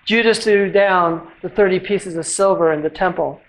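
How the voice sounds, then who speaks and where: A church reader delivers a Passion narrative in a measured, solemn way at a service. The voice sits in a middle pitch range and slows at the ends of phrases. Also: poor audio. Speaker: scripture reader.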